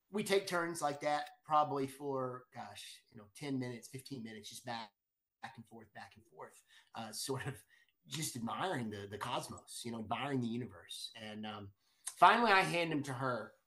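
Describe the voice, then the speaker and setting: A middle-aged man in mid-story, talking at a fairly ordinary pitch but stumbling over himself as the excitement builds. He keeps restarting and repeating words. His telling stays animated throughout. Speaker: guest storyteller.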